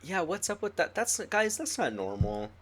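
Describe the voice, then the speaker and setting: A young adult man co-hosting a podcast in casual chat, animated and giggly, full of jokey rants. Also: a little high, normal speed. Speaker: podcast co-host.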